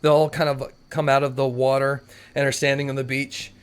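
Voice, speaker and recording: A man's voice: medium pitch, flat delivery, fairly quick, clean tone. A man narrating a tabletop game as game master, in loose, chatty narration full of filler words.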